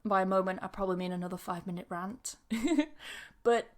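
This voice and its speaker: A woman's voice: medium pitch, fairly quick. A woman English pronunciation teacher hosting a podcast, talking in a casual, chatty way with laughs and asides. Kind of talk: casual solo podcast monologue.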